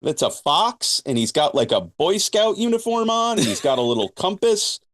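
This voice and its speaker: Laid-back, hesitant man with a lively voice. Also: high-pitched, moderate pace, no echo. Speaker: podcast co-host. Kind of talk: casual podcast chat.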